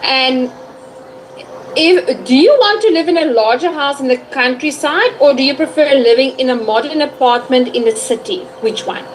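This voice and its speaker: A woman with a high voice teaches English online, asking questions and praising her student. A faint noise sits under her speech. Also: moderate pace, rough recording. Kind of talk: online tutoring session.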